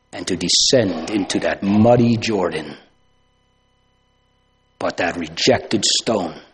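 A man preaching a sermon, asking rhetorical questions and swinging from loud emphasis to hushed tones. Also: on the low side, slight background noise.

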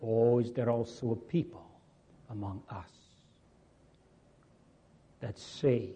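Slow husky preacher, man. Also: mid-range voice, fairly even intonation, mellow. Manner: slow, earnest preaching with repeated phrases. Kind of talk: sermon.

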